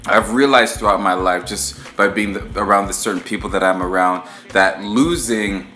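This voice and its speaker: Young male podcaster, angry and profane rant, lowish voice, faint music under an echoey room. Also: normal speed, sharp tone. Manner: frustrated, heated and profane, restarts often. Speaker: podcast host. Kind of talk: casual solo podcast rant. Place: home room while watching a football game.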